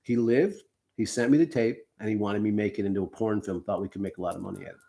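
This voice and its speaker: A man's voice: fairly low pitch, fast talker, vocal fry. Middle-aged guy cohosting a podcast, swears a lot, gets worked up telling stories. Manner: excitable, profane storytelling. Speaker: podcast co-host. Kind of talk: casual live-stream chat.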